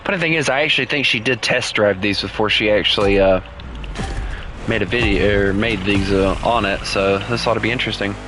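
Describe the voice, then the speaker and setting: A man's voice: fairly low pitch, fairly quick, slight background noise. A man streaming a racing game, making wry offhand remarks in casual commentary. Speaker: gaming streamer. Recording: voice over loud game music.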